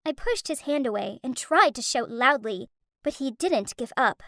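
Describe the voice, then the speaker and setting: A woman tells a first-person animated story with strong emotion. Her voice is high and swings widely in pitch. The recording is dry and close, with no room sound. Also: normal speed, no room sound. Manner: emotional, dramatic. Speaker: narrator.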